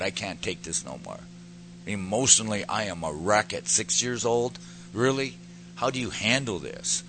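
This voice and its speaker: A man's voice: medium pitch, pushed and bright, slight background noise, rough recording. A man giving an earnest personal testimony that turns into preaching, building to emphatic peaks as he speaks to a pastor.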